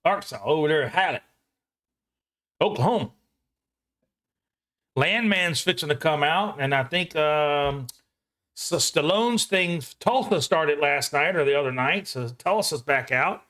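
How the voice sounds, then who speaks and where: A man hosting a live trading session from home, thinking out loud about each trade in an excitable, casual way with the odd swear. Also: a little high. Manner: excitable, talks fast to himself while trading, swears casually.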